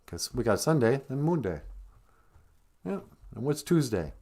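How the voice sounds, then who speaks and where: This northern Minnesota man hosts a live stream, rambling through casual chat with frequent laughs and jokes. His mid-range voice is sing-song and slightly mellow with a breathy edge, delivered at a measured pace.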